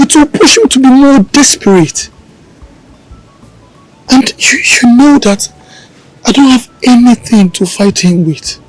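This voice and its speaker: An anxious young lover, husky voice. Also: male voice, very high-pitched, a little mellow, exaggerated voice, low-quality recording. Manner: worried, pleading. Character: anxious young man deeply in love.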